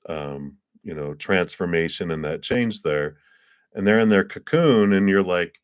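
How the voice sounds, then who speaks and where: A tarot reader with a low voice does a casual live reading, chatty and laughing often as he acts out the people he describes. The sound is clean studio audio with no room sound.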